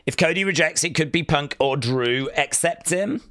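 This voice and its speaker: A man hosting a live watch-along stream, chatting casually and jokily, reading out chat and breaking into sudden excited shouts. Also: fairly high pitch, normal speed, no room sound, clean studio sound. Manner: excitable, jokey, with sudden loud outbursts.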